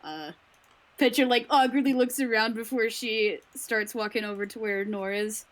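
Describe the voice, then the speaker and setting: A woman playing a tabletop role-playing game, describing her character in a soft, hesitant way with many fillers. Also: on the high side, moderate pace. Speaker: player. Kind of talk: tabletop role-play chat.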